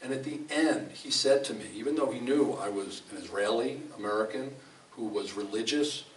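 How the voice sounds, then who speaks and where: A man with a mid-range voice preaches a conversational, storytelling sermon in a fellowship hall at a moderate pace. He speaks emphatically and keeps restarting his sentences. The distant mic picks up an echoey hall and faint room noise.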